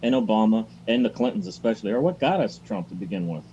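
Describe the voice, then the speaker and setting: Man, contrarian panelist, mellow voice, muffled lo-fi sound. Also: lowish voice, lively intonation, quick pace, slight background noise. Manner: stubborn, contrarian. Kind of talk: political chat.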